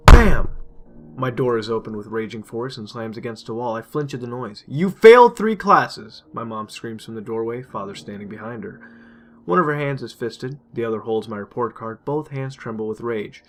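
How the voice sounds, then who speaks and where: A man reading a dark first-person story aloud, intense and emotional. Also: fairly low pitch, steady tone, fairly quick. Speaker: narrator. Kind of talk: dramatic horror story reading. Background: faint music.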